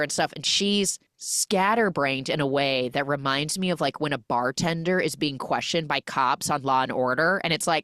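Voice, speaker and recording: A podcast host recaps a film in a casual, joking way, acting out the characters' lines with lots of energy. Her voice sits low and moves at a normal speed, with hardly any pauses and no echo.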